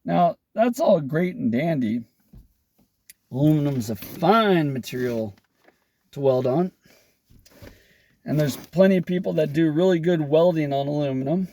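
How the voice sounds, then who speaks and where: A man's voice: fairly high pitch, expressive, unhurried, pauses often, warm tone. A man with a welder's know-how, explaining technical problems in a casual talk with wry, sarcastic jokes. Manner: sarcastic, wry joking asides.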